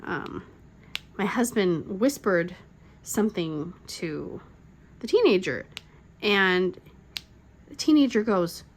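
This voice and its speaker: A woman's voice: mid-range voice, expressive, takes it slowly, pauses often. A middle-aged woman hosting a crafting channel, telling stories in casual chat, rambling with lots of "like" fillers and frequent laughs. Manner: chatty, rambling, full of "like" fillers.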